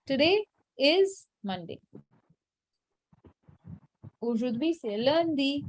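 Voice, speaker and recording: A woman teaching French in a live online class, repeating words slowly and patiently, then explaining briskly. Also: high voice, sing-song, slight background noise, low-quality recording.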